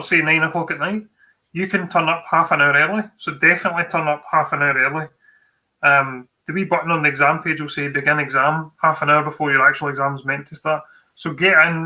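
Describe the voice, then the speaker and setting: A man's voice: on the high side, bright, forceful tone, rough recording. A Scottish man co-hosting a tech livestream, giving exam tips in a chatty, informal way with many fillers and restarts.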